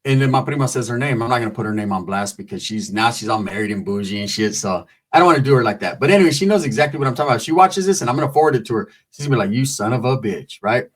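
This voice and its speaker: Animated and very fast with few pauses, a man delivers a funny story in a casual, slangy, profane way. Quoted people get squeaky voices.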